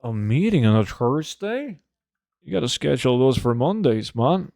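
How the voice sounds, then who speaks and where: A man's voice: medium pitch, very animated, moderate pace, gravelly, a little mellow, no echo, clean studio sound. A man chatting casually on a live stream, swearing often and joking as he answers his chat. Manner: swears a lot, joking and laid-back, reacts to chat. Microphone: desk microphone.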